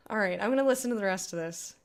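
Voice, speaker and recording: A woman hosting a blind let's play, giving casual, emotional commentary on a game. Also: mid-range voice. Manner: emotional, chatty reactions.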